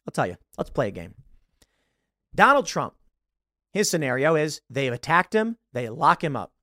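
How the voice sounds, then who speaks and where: Brief: male podcast host in his 30s, lively pitch, dry close sound, animated ranting commentary. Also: moderate pace, dry recording. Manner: animated, ranting, mocking put-on voices. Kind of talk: political commentary rant.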